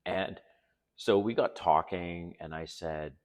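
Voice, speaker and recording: A man's voice: sits low, takes it slowly. An older man hosting a vlog, telling personal stories in a frank, casual way and swearing freely. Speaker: host.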